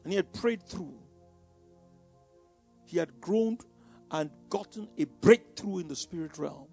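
A man preaching a sermon, calling out questions to the congregation and swinging from hushed tones to shouts. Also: sits high, unhurried, slightly rough, soft background music.

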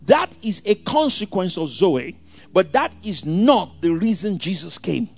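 A man preaching a sermon, swinging from hushed asides to shouted scripture quotes. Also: high-pitched, sing-song, unhurried, vocal fry.

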